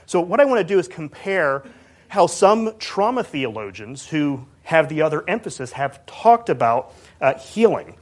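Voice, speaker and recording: A man giving a measured academic lecture on theology and healing, stressing key points. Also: a little high, very animated. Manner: measured, emphatic, reads out quotes.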